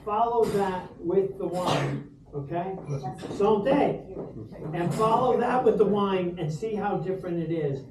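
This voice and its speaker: High-voiced man telling a dinner story. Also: expressive, measured pace. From Rhode Island, USA. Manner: humorous anecdotal storyteller, many fillers. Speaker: host giving a dinner toast. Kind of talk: storytelling toast to dinner guests. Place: restaurant dining room. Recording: roomy echo from far off, background noise.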